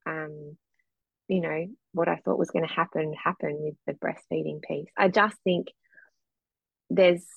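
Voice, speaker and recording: A woman's voice: low voice, fairly even intonation, measured pace, vocal fry, slightly rough, no room sound, phone-quality sound. A woman, a guest musician talking earnestly and reflectively in a candid interview. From Australia. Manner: earnest, reflective, with frequent um fillers.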